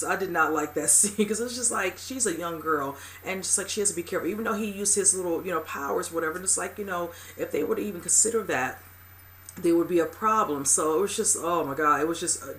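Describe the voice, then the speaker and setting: A host talks through a TV episode at a brisk clip, piling up fillers as they go. The voice sits at a middling pitch, and the delivery is loose and rambling, with emphatic exclamations. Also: fairly bright tone, a little hiss or hum. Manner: rambling, heavy use of "you know" and "whatever"; emphatic, exclaiming at upsetting scenes. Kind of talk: casual episode recap commentary.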